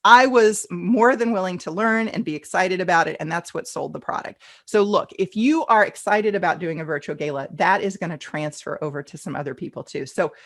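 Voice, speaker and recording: Chatty woman teaching a live online class. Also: medium pitch. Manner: chatty and enthusiastic, reads out attendee questions and answers them. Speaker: fundraising event consultant teaching a class.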